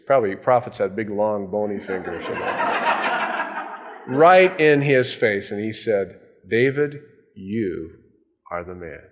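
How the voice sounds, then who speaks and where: A male pastor preaching a sermon, telling a Bible story with lively swings between loud and hushed delivery. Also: on the low side. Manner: animated storytelling, dropping to hushed tones for emphasis.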